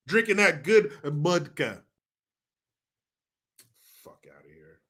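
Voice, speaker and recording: Bright-voiced, sarcastic ranting man. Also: sits high. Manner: sarcastic, profane, mocking. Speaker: political commentary vlogger. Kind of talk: ranting commentary.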